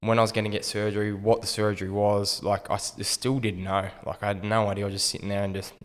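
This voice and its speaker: Australian man in his 30s, low monotone, laid-back storyteller, reverberant hall sound. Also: fast. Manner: easygoing, understated, frequent ums and "like". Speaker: guest, retired rugby league player. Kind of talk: casual interview storytelling.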